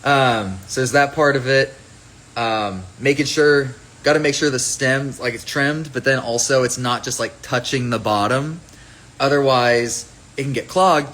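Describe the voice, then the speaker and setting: A man's voice: medium pitch, a little slow, fairly bright tone, poor audio. A man chatting casually on a phone livestream about his own fragrance, rambling and playful as he jumps between topics.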